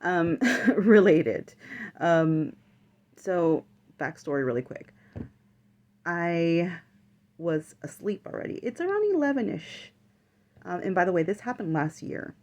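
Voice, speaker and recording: A woman's voice: lowish voice, lively intonation, slow pace, long pauses, darkish tone. A woman vlogger telling a personal story in casual chat, full of fillers and the odd swear word.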